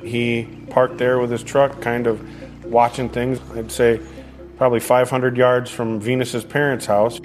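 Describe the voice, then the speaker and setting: A male prosecutor questions a witness in a courtroom in a measured way. His voice holds a mid pitch with almost no rise or fall, and faint music sits underneath. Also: level tone.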